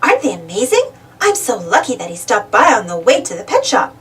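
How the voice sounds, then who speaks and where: A woman's voice: a little high, huge pitch swings, fairly quick, fairly bright tone, distant mic, slight background noise. A woman voicing an enthusiastic, cheerful bookshop clerk, a little away from the mic. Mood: pleased.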